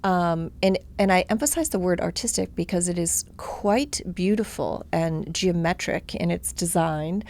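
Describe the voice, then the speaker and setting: A woman guest speaks in a thoughtful, measured way. Her voice sits on the low side and carries a lot of vocal fry. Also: a little mellow. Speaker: guest writer. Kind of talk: interview conversation.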